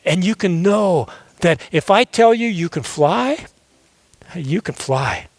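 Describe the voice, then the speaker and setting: A man's voice: high-pitched, expressive, slow pace, heavily acted. A man voicing a patient mother eagle who coaxes and reassures her chick. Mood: reassuring. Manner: coaxing, reassuring.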